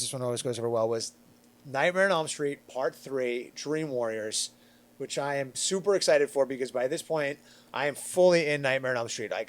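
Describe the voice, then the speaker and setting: A middle-aged man from Long Island, chatting on a podcast and telling a story with lively, acted-out quotes. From Long Island, New York. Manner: animated, acts out quotes with big swings in pitch and loudness. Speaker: podcast panelist. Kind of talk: casual storytelling chat.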